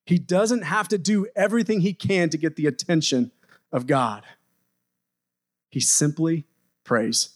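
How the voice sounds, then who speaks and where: A male pastor preaching a sermon, urging his listeners and dropping his voice low for emphasis. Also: unhurried, long pauses. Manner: exhorting, rising and dropping for emphasis.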